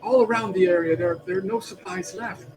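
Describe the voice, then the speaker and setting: A man's voice: sits high, sing-song, a little fast, creaky, darkish tone, pitched above the performer's own voice, heavily acted, low-quality recording. A man playing a worried village wife. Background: background music.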